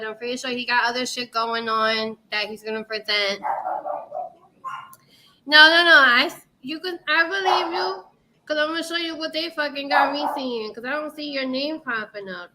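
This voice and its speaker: A woman from New York hosting a casual livestream chat, loud and laughing with lots of swearing. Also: high voice, noisy background. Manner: loud, laughing, profane banter. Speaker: livestream show host. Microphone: livestream setup, video call.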